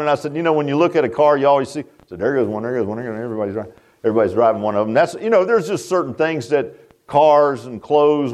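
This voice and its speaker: A middle-aged man preaching a sermon, emphatic and folksy, with many fillers. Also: fairly high pitch. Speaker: pastor.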